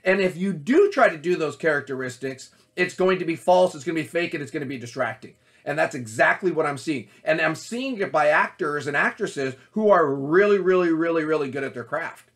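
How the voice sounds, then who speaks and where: A man's voice: fairly high pitch, animated, fairly quick, few pauses, a bit bright. Earnest man coaching actors. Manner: earnest, repeats words, restarts phrases. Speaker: acting coach. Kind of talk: solo talk to camera.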